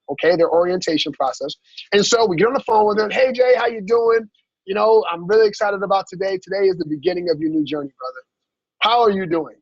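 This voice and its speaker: A man coaching his team in a motivational training talk, energetic and asking "right?" after every point. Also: high voice, breathy edge, dry recording. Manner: energetic, repeats "right?" often, acts out dialogue. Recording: dull lo-fi sound.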